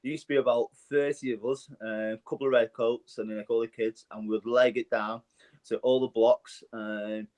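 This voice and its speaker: A man's voice: medium pitch, level tone, moderate pace, darkish tone. A man, a singer who used to work as a holiday camp entertainer, chatting casually and laughing as he tells stories. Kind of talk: casual chat.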